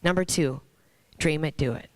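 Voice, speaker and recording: A woman in her thirties giving an earnest, storytelling motivational talk on stage, pausing for emphasis. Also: low-pitched, no echo. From Minnesota, USA. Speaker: motivational speaker. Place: stage before an audience.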